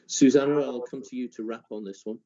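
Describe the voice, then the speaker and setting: A man chairing a committee meeting, thanking speakers and calmly asking the room for agreement. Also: mid-range voice, highs cut off. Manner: measured, inclusive, asks the room for agreement.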